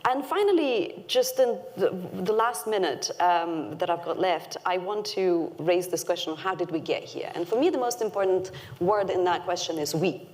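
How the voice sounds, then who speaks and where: A woman's voice: lowish voice, expressive, normal speed, few pauses. A woman speaking on a panel, making an earnest, emphatic case and stressing key words. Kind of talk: prepared panel talk.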